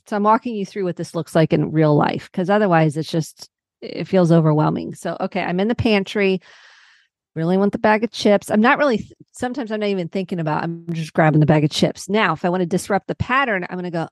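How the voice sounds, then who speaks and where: A lower-pitched woman speaks as a psychotherapist guest on a podcast, earnestly walking listeners through practical examples. Her voice sits close and dry, with no room sound around it. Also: fairly even intonation, a little fast, darkish tone, no room sound. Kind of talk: podcast interview.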